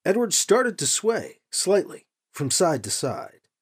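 A man hosting a fiction podcast and narrating an audiobook chapter in an animated, expressive way. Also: high-pitched, slow pace, slightly rough.

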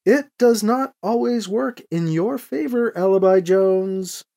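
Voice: medium pitch, slow, creaky, dark tone. A reader voicing a scheming heretic who speaks stiffly and formally, without contractions. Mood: sly, formal. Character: formal chaos-loving heretic, calm and scheming.

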